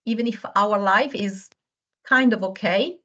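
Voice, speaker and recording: A woman of middle pitch explains her ideas earnestly over a video call from home, searching for words now and then. English is not her first language. The call audio sounds a little dull and muffled. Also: measured pace, bright, forceful tone. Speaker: webinar guest speaker. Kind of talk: explanatory talk.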